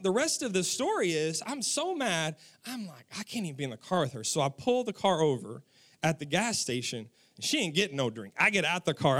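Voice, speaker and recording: A young adult man preaching a sermon as pastor, telling a story with animated delivery and acting out his own lines. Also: high-pitched.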